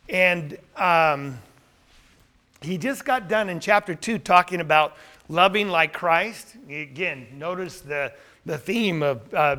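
A man's voice: on the high side, bright, forceful tone. A man preaching a sermon who is losing his voice, talking earnestly and putting questions to his listeners before answering them himself.

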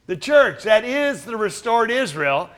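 A man's voice: high voice, sing-song, a little slow, fairly bright tone. A man teaching a Bible class, quizzing his listeners with questions and then answering them himself.

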